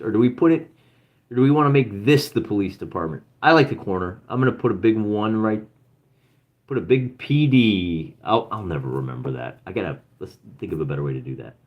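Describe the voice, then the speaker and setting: A man's voice: on the low side, highs cut off. A man hosting a solo journaling game, thinking aloud and chatting with his live chat. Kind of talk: casual let's-play narration.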